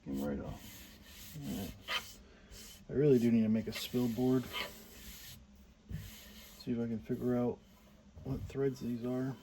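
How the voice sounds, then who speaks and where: A young man thinking aloud and getting excited as he works in a home workshop, filming a casual maker vlog. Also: mid-range voice, a little slow, long pauses, noisy background. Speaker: maker vlogger.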